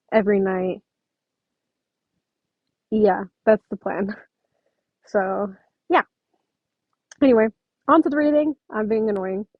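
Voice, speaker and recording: A woman's voice: medium pitch, dry recording, phone-quality sound. Chatty woman reading fan fiction. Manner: chatty, self-interrupting, apologetic asides. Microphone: home microphone.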